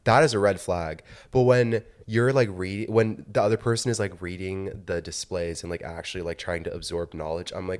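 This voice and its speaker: A man's voice: sits low, steady tone, moderate pace, few pauses, darkish tone. A man in his twenties hosting a podcast, chatting casually and ranting through his complaints with lots of filler words. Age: 20s. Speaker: podcast host. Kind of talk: casual chat.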